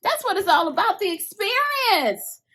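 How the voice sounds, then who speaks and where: Gushing high-voiced woman vlogger. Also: normal speed, noisy background. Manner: gushing and excitable, talks straight to viewers; casual Southern-style slang like "y'all" and "I'ma". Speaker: crochet vlogger unboxing hooks. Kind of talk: casual unboxing chat to viewers.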